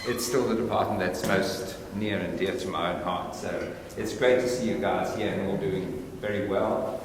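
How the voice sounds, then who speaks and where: A man's voice: low voice, fairly even intonation, normal speed. Older South African man in echoey hall. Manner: conversational, digressive, good-humoured. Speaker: guest lecturer. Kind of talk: informal lecture. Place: large lecture hall. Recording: echoey lecture hall, faint hiss.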